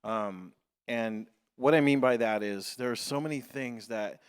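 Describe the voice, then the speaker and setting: Pastor with a smooth voice in a reverberant hall. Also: male voice, medium pitch. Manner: halting, filler-heavy, joking. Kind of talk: informal church introduction. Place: church sanctuary.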